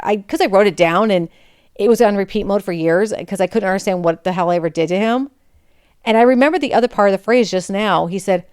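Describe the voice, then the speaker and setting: Woman podcast host, candid chatty storyteller, smooth voice. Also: medium pitch, normal speed, a little mellow. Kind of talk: personal storytelling.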